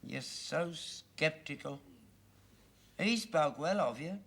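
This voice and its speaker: A man's voice: a little high, lively intonation, slow pace, gravelly, a bit bright, exaggerated voice. An earnest old rag-and-bone man. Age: older. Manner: earnest and insistent. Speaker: father. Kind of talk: 1970s sitcom acting.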